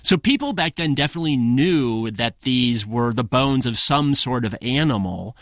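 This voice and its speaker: A man guesting on a radio interview talks through his ideas in a thoughtful, measured way, often softening his points with small hedges. His voice sits at an everyday middle pitch. The studio sound is close and dry, with no room around it. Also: lively intonation, no room sound. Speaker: author guest.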